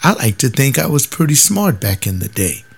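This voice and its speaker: A man's voice: medium pitch, sing-song, normal speed, creaky, breathy edge. An older man and former soldier, talking in a casual, emphatic monologue and now and then mimicking other people's voices. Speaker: former soldier sharing views.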